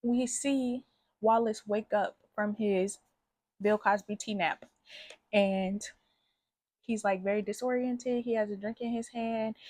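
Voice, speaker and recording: A woman's voice: medium pitch, dark tone, no room sound. A woman recapping a film in a casual, slangy, chatty way, hosting her own channel. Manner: slangy, chatty, acts out characters' lines. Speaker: movie reviewer.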